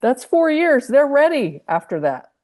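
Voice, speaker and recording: A woman's voice: high voice, big pitch swings, a little slow, a little mellow. A woman hosting a casual video-call podcast chat, talking in a chatty, emphatic way. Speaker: podcast host.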